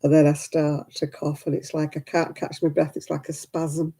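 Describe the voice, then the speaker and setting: A tired woman hosting a casual livestream and chatting away to her viewers. Her voice is very dark and mellow, with a husky, breathy edge. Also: sits low, level tone, moderate pace. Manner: chatty, talks to viewers by name. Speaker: livestream host.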